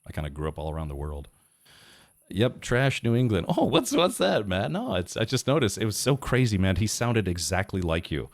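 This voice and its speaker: This American streamer's low voice has a sing-song lilt, moving a little fast with few pauses on a dry recording. While gaming he rambles casually, full of fillers and restarts, reading chat and quest text aloud.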